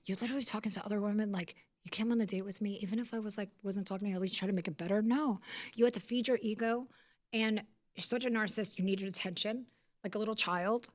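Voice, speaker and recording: A woman's voice: mid-range voice, fast. A woman hosting a casual studio chat, telling a story and acting out what everyone said. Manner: animated storytelling, acts out quotes. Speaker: host. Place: recording studio.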